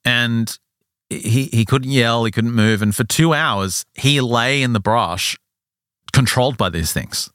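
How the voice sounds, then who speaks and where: A man hosting a podcast, telling a story in a casual, animated way and acting out the characters' lines. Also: mid-range voice, unhurried, clean tone, no echo, studio quality.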